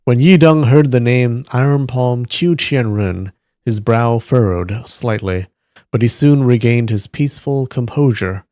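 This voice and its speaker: A man on a live stream reading a novel aloud at a steady pace, stopping now and then to react to the story. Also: mid-range voice, unhurried, dry recording, clean studio sound.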